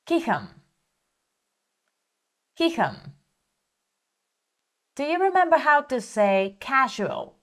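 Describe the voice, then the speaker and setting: A woman teaching a vocabulary lesson, saying each word slowly and carefully so learners can repeat it. Her pitch moves a lot, and she takes her time between words. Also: very animated. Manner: slow, careful repetition for learners. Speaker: language teacher.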